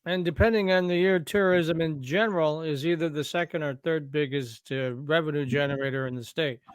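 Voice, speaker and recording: A man's voice: fairly high pitch, fairly even intonation, brisk, clear, resonant tone, dry recording. A man hosting a podcast interview, adding conversational remarks. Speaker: podcast host.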